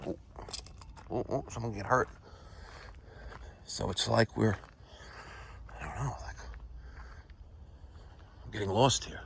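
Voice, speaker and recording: A man's voice: lowish voice, takes it slowly, gravelly, pauses often, slight background noise. A middle-aged man vlogging casually while walking around a resort, chatting to viewers and sometimes dropping to a whisper. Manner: chatty, addresses viewers as folks, drops to a whisper at times. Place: outdoors at a resort with pools.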